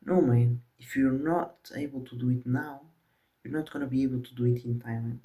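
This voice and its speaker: Dark-voiced young man calling everyone bro. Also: medium pitch, steady tone, moderate pace, far from the mic. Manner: slangy, keeps saying "bro". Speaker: vlogger. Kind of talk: casual storytelling to camera.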